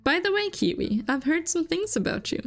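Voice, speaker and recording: Lady reading out a sad young museum guy from a farming game, lively up and down voice, bit gravelly. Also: very high-pitched, moderate pace, soft background music, pitched above the performer's own voice, full character voice. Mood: downcast earnest. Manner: reads the dialogue box aloud. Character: earnest young male museum curator, glum. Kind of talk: reading game dialogue aloud.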